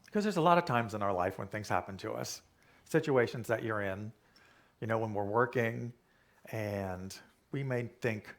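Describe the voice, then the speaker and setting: A man's voice: on the low side, moderate pace. Man preaching a conversational sermon. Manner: conversational, repeats key phrases. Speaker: minister.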